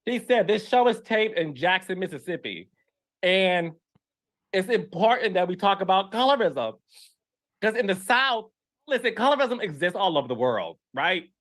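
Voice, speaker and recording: A man's voice: high voice, sing-song, moderate pace, fairly bright tone. A man hosting a podcast, speaking earnestly and emotionally, often repeating himself. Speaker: podcast host.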